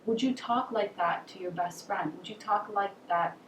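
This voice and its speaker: Female self-help vlogger, mid pitch, encouraging and earnest, distant mic in a roomy space. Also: normal speed. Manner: earnest, encouraging, asks the listener questions. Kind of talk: motivational talk to camera. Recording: roomy echo, mic set far off, faint hiss.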